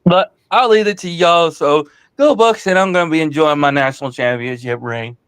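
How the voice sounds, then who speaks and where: A man calling in to a live sports talk show, boastful and loud in his trash talk. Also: fairly high pitch, normal speed, smooth, no echo. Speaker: caller.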